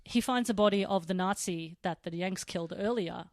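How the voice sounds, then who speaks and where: A woman's voice: mid-range voice, brisk, darkish tone, no echo, studio quality. A woman hosting a podcast, recapping a TV episode in casual chat, joking and swearing. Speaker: podcast host.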